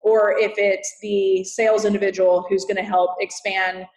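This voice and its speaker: Texan woman, podcast guest, earnest and emphatic, mid-pitched, echoey room. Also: little pitch movement, normal speed, creaky, a little mellow. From Texas. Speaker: guest, customer success consultant. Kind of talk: podcast interview. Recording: roomy echo.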